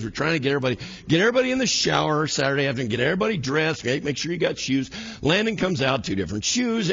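Animated male pastor preaching. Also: on the high side, creaky, husky, lo-fi sound. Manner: animated, acts out scenes in quoted voices. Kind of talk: sermon. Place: church sanctuary.

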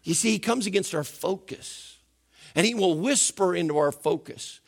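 A man preaching a sermon as pastor in a church, animated and asking the congregation questions. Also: sits high, a little slow, creaky.

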